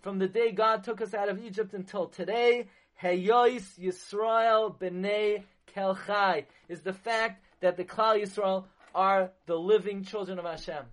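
A man delivering an impassioned sermon as a rabbi, mixing Hebrew terms into English and rising to loud emphasis. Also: sits high, fairly even intonation, a little slow, hardly any pauses.

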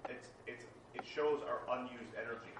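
Student guy asking a question in class, far off mic, echoey, stumbles a bit. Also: mid-range voice. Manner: halting, restarts while making a point. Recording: roomy sound from across the room, noisy.

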